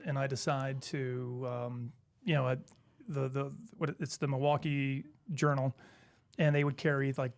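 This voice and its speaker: A man's voice: mid-range voice, creaky, no room sound, clean studio sound. A middle-aged man, a former basketball player, telling stories casually as an interview guest and acting out the voices of people he quotes. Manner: animated storyteller, acts out quoted voices. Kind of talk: casual storytelling.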